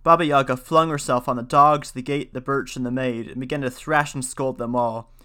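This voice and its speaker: A man reading a folktale aloud in a steady, measured voice, then talking through it in a casual lecture. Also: medium pitch, clean tone. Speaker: storyteller and lecturer.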